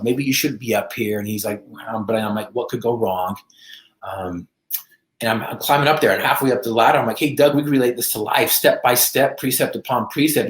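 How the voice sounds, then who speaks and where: Middle-aged american guy telling a story, kinda low voice, lots of ums, echoey room. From United States. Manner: animated storyteller, acts out his own quotes, many fillers. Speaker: podcast guest. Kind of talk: storytelling in an interview.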